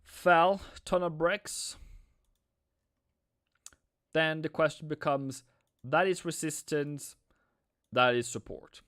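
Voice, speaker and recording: A man's voice: fairly high pitch, takes it slowly, pauses often, a bit bright, smooth, no echo, clean studio sound. Chatty man streaming market analysis. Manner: chatty, repeats himself, answers viewers. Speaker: forex trading streamer.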